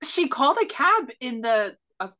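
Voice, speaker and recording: A woman's voice: sits high, sing-song, moderate pace, pushed and bright. A woman co-hosting a movie review podcast, talking in an enthusiastic, rambling way full of fillers. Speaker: podcast co-host. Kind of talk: casual movie review chat.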